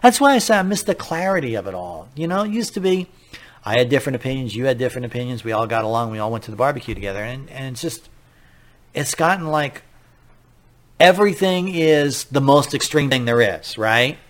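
A man hosting a political talk radio show, speaking in an animated, incredulous way, firing off rhetorical questions and now and then laughing at his own slips. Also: mid-range voice, a little fast.

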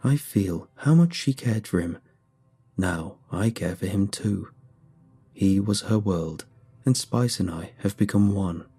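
A man voicing a soft-spoken ancient mold spirit. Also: deep voice, slow pace, breathy edge, faint music behind, full character voice. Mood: calm, wistful. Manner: soft, calm, sighing. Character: ancient mold hive speaking through a dead dog.

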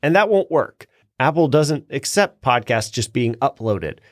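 A man's voice: mid-range voice, animated, measured pace, dry recording, studio quality. A man co-hosting a podcast, explaining things step by step in casual chat and laughing easily. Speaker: podcast co-host.

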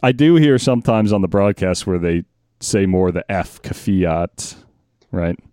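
A man co-hosts a casual podcast chat in a low voice. The sound is close and dry, with no room around him. He keeps things light and laughs often as he talks. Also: animated, moderate pace, dark tone, no echo. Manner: laughs often, chuckly and easygoing. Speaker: podcast co-host.

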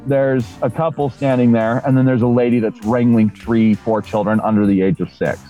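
Profane deadpan man telling a story. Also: medium pitch, moderate pace, faint music behind, rough recording. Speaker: podcast co-host. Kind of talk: casual storytelling.

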